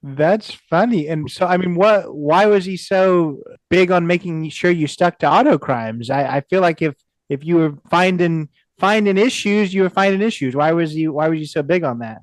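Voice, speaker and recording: A man's voice: on the high side, moderate pace, no room sound. A man hosting a podcast, asking a guest curious follow-up questions. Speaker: podcast host. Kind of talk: interview questions.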